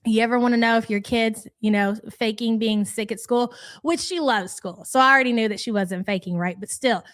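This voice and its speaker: A woman's voice: a little high, fairly quick. A woman hosting a live stream, chatting casually and reading out viewer names. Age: adult parent.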